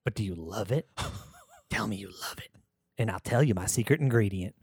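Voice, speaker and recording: A man's voice: on the high side, very animated, normal speed, no echo, clean studio sound. A man voicing Peggy, a smug, coldly vengeful middle-aged housewife who needles in a prim, sinister way, in a podcast comedy reading. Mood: cold menace.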